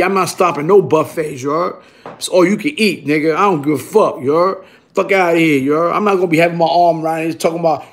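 A man's voice: on the high side, quick pace. A man from Brooklyn, talking in a rambling, profane street monologue full of repeated tag questions. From Brooklyn, New York. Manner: streetwise, profane, repeats "you heard?" tags. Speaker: vlogger.

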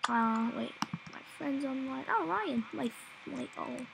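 A woman's voice: sits high, lively intonation, slow, gravelly. A woman casually commenting on a video game as she plays, rambling and wondering aloud, often slipping into whispers. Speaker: gameplay commentator. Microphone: desktop mic. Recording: noisy home recording.

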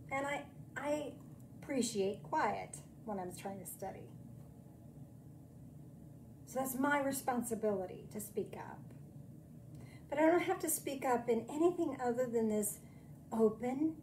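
Mellow-voiced woman preaching gently. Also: fairly high pitch, slight background noise. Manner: chatty, self-deprecating storytelling; slow, soothing meditation guidance. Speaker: minister. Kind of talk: sermon and guided meditation.

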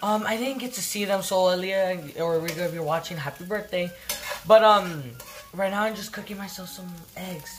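A woman's voice: on the low side, normal speed. A woman chatting casually to camera in a home kitchen, rambling and giggling, with lots of fillers. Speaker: vlogger.

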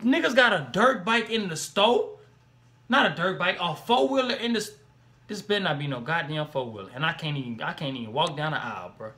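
A young man comments on a track for his reaction video, talking fast and loose in slang and breaking into exclamations. His voice sits high and sounds bright and forward. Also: a little hiss or hum. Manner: animated, slangy, exclaims and laughs between remarks.

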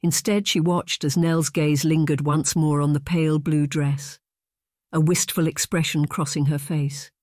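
An audiobook narrator reading a romance novel in an even, measured scripted style. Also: medium pitch, no echo, studio quality.

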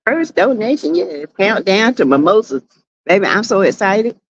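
A woman's voice: mid-range voice, lively intonation, lo-fi sound. A woman with a Southern US accent hosting a casual livestream, greeting viewers by name in a sassy way. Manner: sassy, greets chat by name, drawn-out exclamations. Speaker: livestream host.

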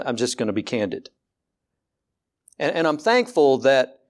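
Candid male pastor preaching a sermon. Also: mid-range voice. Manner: conversational and candid, repeats words, slows down for emphasis; asks rhetorical questions in a rising voice.

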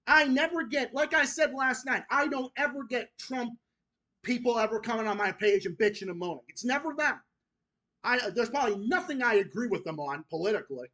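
A man's voice: very high voice, expressive, a little fast, sharp tone. A man hosting his own channel, delivering an angry, profane, repetitive rant that goes straight at his critics. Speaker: channel host.

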